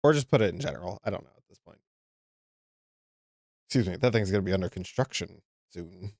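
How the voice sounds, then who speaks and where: Male stream host, lively pitch, laughs and curses casually while drawing. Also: fairly quick, no echo, studio quality. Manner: laughs often, swears, wry. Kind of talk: casual live-stream chat.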